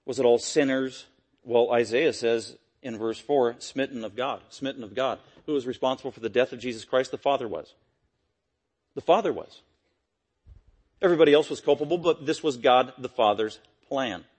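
A man preaching an expository sermon, emphatic and repetitive, swinging from loud peaks to quiet low lines. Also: brisk. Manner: repetitive, stressing key phrases.

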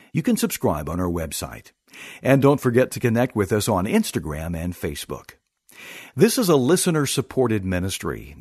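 Husky-voiced male radio announcer. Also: medium pitch, a little mellow, no echo, studio quality. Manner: smooth, measured announcer delivery. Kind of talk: scripted announcement.

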